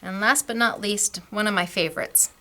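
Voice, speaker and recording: A middle-aged woman hosting a craft class, chatting warmly and gushing over samples, laughing often. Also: mid-range voice, fairly even intonation, normal speed. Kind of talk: casual product demo.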